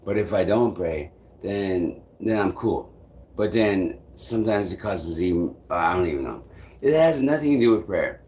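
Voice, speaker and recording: A man's voice: low voice, animated, darkish tone. A young man talking on a live stream in a loose, rambling way, full of fillers and swearing. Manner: rambling, halting, swears often, many fillers.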